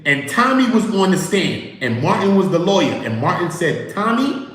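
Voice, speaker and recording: A man's voice: sits high, moderate pace, heavy reverb, low-quality recording. A man hosting a casual livestream, telling stories animatedly, acting out quotes and talking to his chat. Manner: animated storytelling, acts out quotes, talks to chat. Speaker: livestream host.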